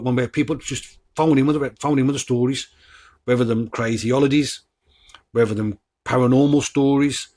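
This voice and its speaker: A man's voice: mid-range voice, darkish tone. A man with a Black Country accent, chatting casually as a podcast host, rambling and swearing freely. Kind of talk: casual chat.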